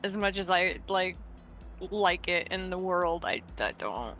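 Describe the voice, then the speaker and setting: A woman's voice: on the low side, big pitch swings, measured pace, a bit bright, faint music behind. A woman chatting and laughing with friends on a voice call, playful and with casual swearing. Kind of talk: casual chat while drawing.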